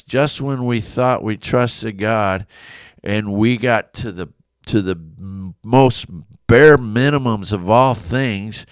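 A pastor delivers a devotional Bible talk, recounting a personal story with animated energy and frequent chuckles. His mid-range voice sounds clean, with no echo.

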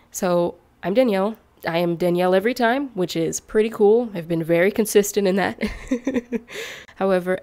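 A young woman talks casually to her channel's viewers at an unhurried pace. Her pitch sits in a middle range but leaps up on questions and asides. She laughs easily between thoughts. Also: darkish tone. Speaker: YouTuber. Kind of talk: casual vlog chat to viewers.

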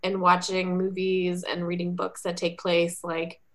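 A woman's voice: lowish voice, completely flat delivery, a little slow. A woman in casual chat as a podcast co-host, talking in a chatty way with many fillers.

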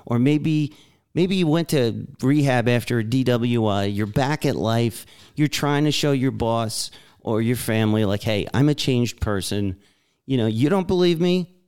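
A man's voice: medium pitch, moderate pace, a little mellow, smooth. A man co-hosting a podcast, chatting casually and cracking jokes. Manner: jokey, playful. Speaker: podcast co-host. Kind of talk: casual chat.

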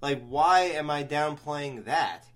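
Higher-voiced man rambling through a story. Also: slow. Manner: rambling, animated storyteller with many restarts. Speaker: podcast host. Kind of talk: casual podcast chat.

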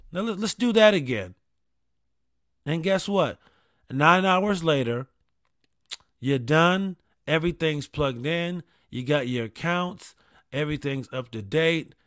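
A man telling casual comedic stories about gaming with his kid, profane and animated, with quick asides. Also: on the high side, dry recording, studio quality.

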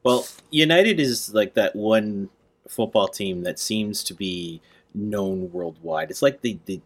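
A man's voice: lowish voice, takes it slowly, a little hiss or hum. A man hosting a podcast, chatting casually and asking easygoing follow-up questions. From North America. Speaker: podcast host. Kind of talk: casual interview chat.

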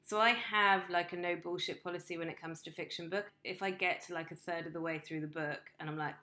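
A woman's voice: lowish voice, fairly quick, few pauses, pushed and bright. A woman host and coach talking in a casual monologue, blunt and emphatic, swearing freely. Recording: roomy echo.

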